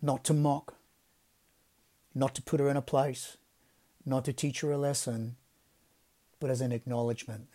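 A man gives a devotional podcast reflection in a mellow, warm-toned voice at an ordinary middle pitch. His delivery is gentle and reflective, and his phrases often sink into soft, quiet endings. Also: steady tone, moderate pace, long pauses. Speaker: podcast host.

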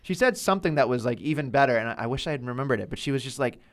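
A man's voice: medium pitch, animated, very fast. A man co-hosting a casual wrestling podcast, blunt and exasperated, swearing constantly. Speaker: podcast co-host.

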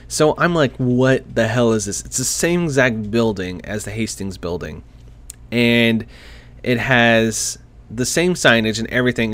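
Chatty young man telling a story. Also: mid-range voice. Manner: chatty, laughs often, self-deprecating. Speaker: vlogger. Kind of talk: casual storytelling to camera. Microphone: desk microphone.

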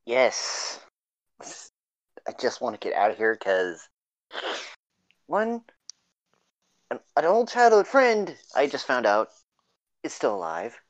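A woman's voice: a bass voice, big pitch swings, slow pace, pauses often, muffled recording. A woman playing a tabletop game, talking in character in a sarcastic, exasperated way. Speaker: player.

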